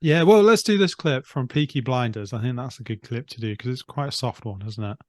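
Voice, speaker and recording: A man with an English accent close to RP but with some northern vowels, talking in a measured, thoughtful way with frequent hedges in casual chat. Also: mid-range voice, dry recording. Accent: English, near RP with northern vowels. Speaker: podcast co-host.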